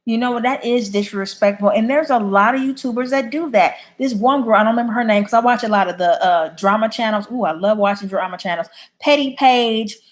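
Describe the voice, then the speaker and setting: A woman's voice: a little high, brisk, few pauses. A woman chatting casually on a livestream, reading viewer comments and answering them bluntly. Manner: blunt, opinionated. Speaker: YouTube live streamer.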